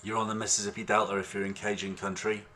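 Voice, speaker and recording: Male harmonica tutor on a video call, lowish bright voice, easygoing and digressive. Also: fast, slight background noise. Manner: relaxed, rambling explanations with many fillers. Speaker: harmonica teacher. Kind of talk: online music lesson. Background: harmonica playing.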